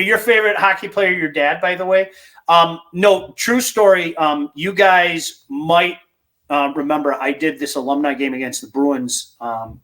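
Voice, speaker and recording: Middle-aged male podcast host, chatty and excitable, slightly high voice, casual basement-studio talk. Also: rough recording. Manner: excitable, chatty, jumps between topics. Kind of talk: casual sports talk, reading listener picks.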